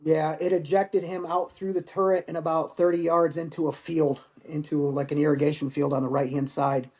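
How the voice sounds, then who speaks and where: Man telling a halting war story. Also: a little high, level tone, a little mellow. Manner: halting, emotional storytelling with profanity. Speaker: podcast guest, Marine veteran. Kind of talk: personal war story in conversation.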